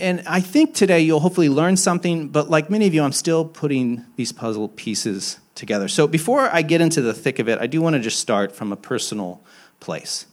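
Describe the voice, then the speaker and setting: In this sermon, a young pastor shares honest, self-mocking stories, often starting his sentences over. His delivery moves from emphatic swells down to soft, low-voiced asides.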